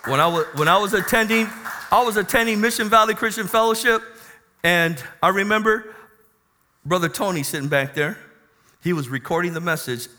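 Man, pastor, sermon, impassioned storytelling, fairly high voice, sharp piercing tone. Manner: impassioned storytelling, rising to loud emphatic bursts. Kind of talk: sermon with personal testimony.

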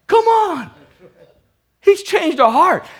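A man preaching a lively sermon as pastor, animated and laughing as he goes, often calling out hallelujah. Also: extremely high pitch, slow pace.

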